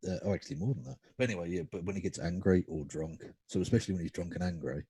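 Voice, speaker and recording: A man with a deep, husky voice trades jokes and swears freely as a podcast co-host. His pitch swings widely as he talks. The sound is dry and close to the mic. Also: very fast, mellow, no room sound. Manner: sweary, jokey banter. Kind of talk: casual chat.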